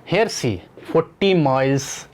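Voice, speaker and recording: A Nepali man teaches an exam-prep English grammar lesson in a medium-pitched, animated voice, taking his time. He explains things step by step and turns key points into questions for his students.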